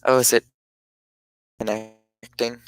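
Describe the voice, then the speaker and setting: A man casually chatting on his live stream, rambling in a halting way and often cutting himself off mid-thought. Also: mid-range voice, level tone, clear, resonant tone, dry recording, poor audio. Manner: rambling, halting, self-interrupting.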